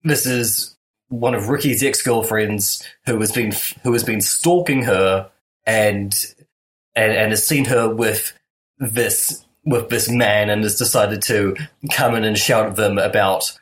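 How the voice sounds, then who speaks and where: A man co-hosting a film podcast, retelling a movie scene in a casual, deadpan and wry way. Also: lowish voice, a little slow, rough recording.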